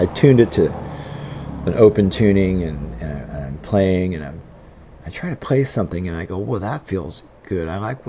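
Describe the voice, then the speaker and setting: A man's voice: fairly low pitch, mellow, breathy edge. A middle-aged man hosting a podcast solo, rambling conversationally and acting out his own inner thoughts. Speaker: podcast host. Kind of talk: casual solo podcast talk.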